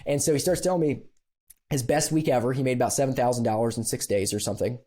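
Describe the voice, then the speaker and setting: Mellow-voiced man telling a lively story. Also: mid-range voice, fast talker. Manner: animated storyteller, laughs often, many fillers. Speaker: podcast guest. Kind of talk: casual storytelling chat.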